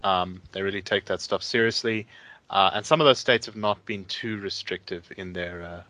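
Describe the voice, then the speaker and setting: Low, bright-voiced man, hesitant. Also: fairly even intonation, normal speed, no room sound. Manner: thoughtful, hesitant, many fillers. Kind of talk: casual discussion.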